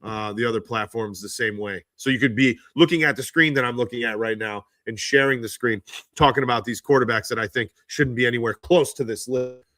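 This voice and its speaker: A man's voice: brisk, sharp tone, dry recording, clean studio sound. Indignant man ranting on a phone stream. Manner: exasperated ranting, rises sharply in pitch when indignant. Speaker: livestream host. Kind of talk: casual live-stream commentary. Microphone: handheld phone.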